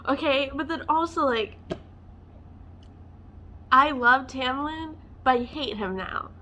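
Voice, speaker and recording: A woman with a slightly high voice rants casually to camera. She talks with passion and emotion, piling up fillers as her thoughts spill out. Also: slow pace, bright, forceful tone. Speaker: book vlogger. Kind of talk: casual book rant to camera.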